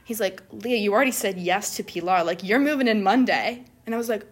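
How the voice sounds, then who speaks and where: A young woman talks casually and animatedly, leaning on "like" and slipping into the voices of the people she quotes. Her voice sits at an ordinary middle pitch for a woman. It is an everyday storytelling chat. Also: fairly quick. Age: young adult. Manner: animated, acts out quoted people, says "like" often. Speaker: guest telling a study-abroad story.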